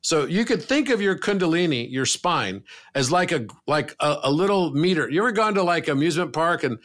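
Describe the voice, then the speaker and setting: A man's voice: on the high side, lively intonation, fairly quick, fairly bright tone. A man talking as a podcast guest, earnest and emphatic, dropping the odd casual swear word. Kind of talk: reflective conversational talk.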